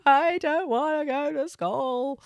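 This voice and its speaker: A woman's voice: high voice, takes it slowly, no echo, studio quality, pitched above the performer's own voice. A woman voicing an upset young child who refuses to go to school, whiny and protesting.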